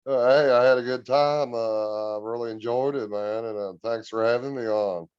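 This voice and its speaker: A man guest on a podcast, telling a story in an earnest, relaxed, drawn-out way. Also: mid-range voice, smooth, dry recording, lo-fi sound. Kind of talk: casual storytelling.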